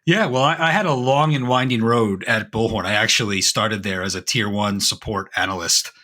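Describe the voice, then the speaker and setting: A man's voice: on the low side, normal speed, pushed and bright. A man in his thirties with a faded Philadelphia accent tinged by Boston, a guest in an interview who talks in an upbeat, affirming way and often repeats himself. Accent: faded Philadelphia with some Boston. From Philadelphia, USA. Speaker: guest, advisory firm founder. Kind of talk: conversational interview.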